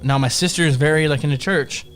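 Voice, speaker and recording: A man's voice: on the high side, fast, fairly bright tone, soft background music. A man casually telling a ghost story on a podcast, profane and slangy, acting out the other people's lines. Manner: profane, slangy, acts out quotes in voices.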